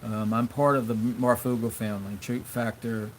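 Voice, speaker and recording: A man at a middle pitch hosts a casual livestream, reading out viewer comments. He rambles with fillers and restarts. Faint background noise sits under his voice. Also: level tone, moderate pace. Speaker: livestream host.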